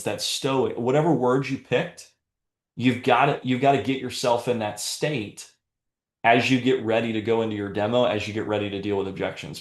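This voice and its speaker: A man leading a live sales training session, with a direct, coaching delivery at a middling pitch. His voice carries a clear room echo around it.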